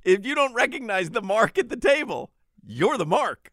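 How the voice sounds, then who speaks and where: A man's voice: high voice, big pitch swings, normal speed, fairly bright tone. A man co-hosting a sports talk show, ribbing his colleagues in casual banter with a teasing, mock-serious manner. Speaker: sports radio co-host.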